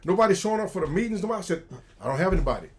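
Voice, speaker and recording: Animated storytelling retired soldier man. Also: sits high, rapid-fire. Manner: animated, acts out quoted dialogue. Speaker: retired special forces soldier, guest. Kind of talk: casual storytelling on a livestream.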